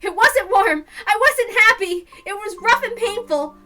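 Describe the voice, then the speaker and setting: A woman voicing an emotional teenage girl who pleads in a tearful, raised, high voice. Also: animated, measured pace, full character voice. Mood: distraught. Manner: pleading, rising to tearful shouts.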